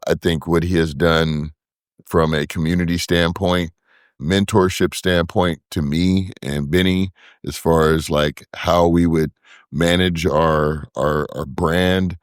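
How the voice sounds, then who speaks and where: A man with a very deep voice talks casually as a podcast guest. He often repeats a word or two while he hunts for a name. The sound is dry and close, with no room around it. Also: slow, smooth, no echo. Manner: relaxed, repeats words while searching for names. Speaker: podcast guest, brewery co-founder. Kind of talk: casual interview talk.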